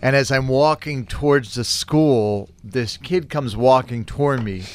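A man co-hosting a morning radio show, telling stories in an animated way and laughing easily. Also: mid-range voice, a little slow. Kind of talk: morning radio banter and storytelling. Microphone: studio microphone.

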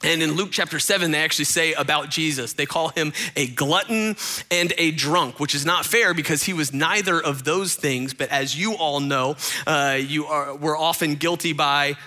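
Male pastor, conversational sermon, very bright tone, slightly high, repeats himself. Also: moderate pace. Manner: conversational, repeats words, addresses listeners directly.

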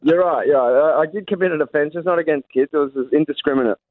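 A man with an Australian accent telling stories as a comedian guest, with animated delivery and frequent stammering restarts. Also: fairly high pitch, fast, a crowd in the background. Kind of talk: phone interview chat. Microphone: phone call. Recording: tinny phone line.

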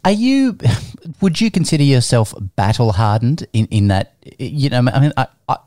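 A man's voice: medium pitch, very animated, moderate pace, darkish tone, no room sound, studio quality. A man hosting an interview, asking questions with many hesitations and restarts. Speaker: interviewer, host. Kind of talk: conversational radio interview.

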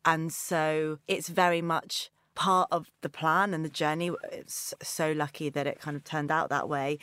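A woman's voice: low voice, a bit bright, no echo. Woman, business founder, interview guest, candid, chatty, filler words, dry recording. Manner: candid, chatty, many "you know" and "kind of" fillers. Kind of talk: conversational interview answers.

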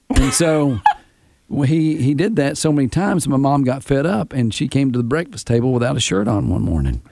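A man's voice: mid-range voice, moderate pace, gravelly. A man hosting a casual radio show, reading listener messages and laughing a lot. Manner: animated, laughs often, reads listener letters aloud. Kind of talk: casual morning show banter.

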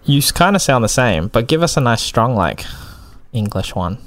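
Man, podcast host, bantering, casual chat, medium pitch, dry recording. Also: sing-song, moderate pace, a bit bright, no echo. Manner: upbeat, bantering.

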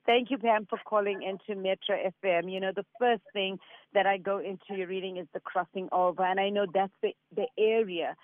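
A man working as a psychic medium on a radio show, giving callers readings in an earnest, reassuring way and relaying messages in quick runs. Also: sits high, steady tone, no room sound. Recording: tinny phone-like line, dry.

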